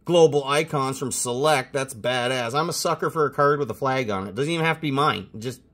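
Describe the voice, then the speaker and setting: A young man hosting a casual card-opening video, excitable and swearing constantly as he hypes each card. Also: medium pitch, brisk, a little hiss or hum. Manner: profane, excitable, hyped. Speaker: host opening sports cards.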